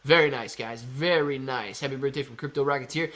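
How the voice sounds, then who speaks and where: A man hosting a live stock-market stream, calling out prices rapidly and chatting with viewers in a casual, excited way. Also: mid-range voice. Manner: excited, calls out prices like an auctioneer. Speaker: livestream host.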